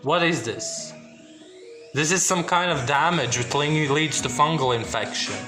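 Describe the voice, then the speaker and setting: Indoors at home among boxes and plants, a young man vlogs casually about his orchids while music plays in the background. His fairly high voice is unhurried. The talk rambles, with lots of restarts and tag questions like "yeah?"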